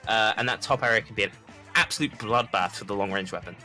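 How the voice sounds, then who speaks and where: Male esports caster, bright and forceful tone, faint music bed underneath. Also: on the low side. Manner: rapid, repeats words, chatty. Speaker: esports commentator. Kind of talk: live esports commentary.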